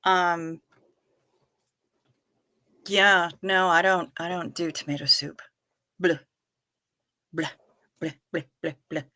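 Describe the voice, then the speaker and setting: A woman's voice: on the low side, steady tone, takes it slowly, pauses often, sharp tone, dry recording. A woman hosting a live stream in a casual, chatty way, reading out viewer comments with wry asides and repeating herself for effect. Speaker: livestream host.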